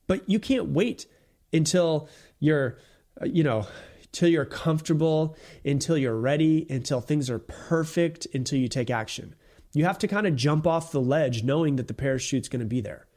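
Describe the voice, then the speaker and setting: Running his motivational podcast by himself, a man speaks emphatically and without sugarcoating, repeats his key ideas, and drops casual swear words. He has a fairly high, slightly mellow voice.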